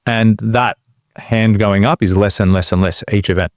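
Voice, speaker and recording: A man's voice: fairly low pitch, moderate pace, dry recording, clean studio sound. A man co-hosting a podcast, talking casually and telling stories from his business. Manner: relaxed storytelling. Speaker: podcast co-host.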